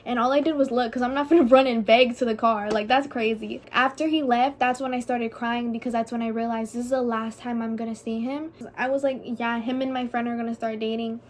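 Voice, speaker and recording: A woman's voice: fairly high pitch, fairly even intonation, a little fast, few pauses, a little hiss or hum. A young woman vlogger telling a personal story in a chatty, casual way, swearing freely and saying "like" a lot. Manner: chatty and profane, heavy use of "like".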